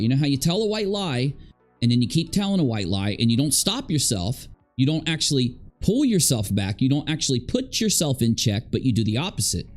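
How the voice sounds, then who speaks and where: A man hosting a commentary channel, ranting emphatically and rambling, repeating phrases while he eats and drinks. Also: mid-range voice. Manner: talking while eating and drinking.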